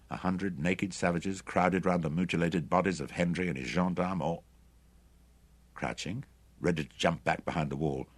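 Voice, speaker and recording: A man narrating an adventure audiobook in a dramatic, expressive reading. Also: low-pitched, no room sound. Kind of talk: scripted narration.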